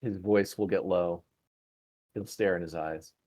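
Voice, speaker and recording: A man plays in a tabletop game and narrates what his character does, slowly and with measured steps. His voice is deep and dark. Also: fairly even intonation. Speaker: player.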